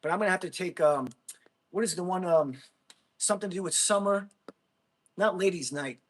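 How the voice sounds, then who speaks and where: A man in his thirties rambles happily to his livestream viewers, jumping from topic to topic and laughing often. His voice sits fairly high, and he keeps turning to the chat with questions. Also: brisk. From Jersey City, USA. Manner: rambling, excitable, laughs a lot, talks to chat. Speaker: livestream host, Marine veteran.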